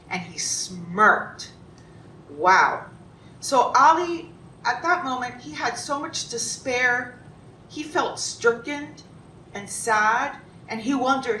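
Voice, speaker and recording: A woman telling a story to children in an animated way, asking them questions as she goes. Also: slow pace. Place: congregation hall. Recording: roomy, distant, faint rumble.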